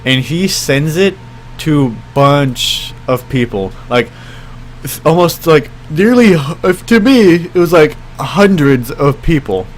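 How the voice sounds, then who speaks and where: A young man casually telling a story on his vlog, rambling with lots of fillers and jumping his pitch when he quotes people. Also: animated, takes it slowly, slight background noise. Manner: rambling, many fillers like "like" and "I mean"; acts out quoted voices with jumps in pitch. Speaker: vlogger.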